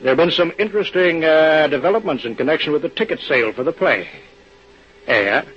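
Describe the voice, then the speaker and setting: An actor playing a folksy small-town businessman who talks in a slow, hesitant drawl in a vintage radio drama. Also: fairly high pitch, animated, slightly rough, soft background music. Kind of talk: 1940s radio acting. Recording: dull old radio recording.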